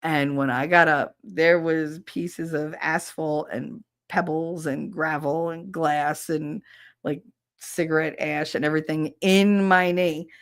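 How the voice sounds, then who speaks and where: A middle-aged woman hosting a livestream, telling a profane, animated story and laughing often. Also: deep voice, takes it slowly, dry recording, studio quality. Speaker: livestream host. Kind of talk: casual storytelling.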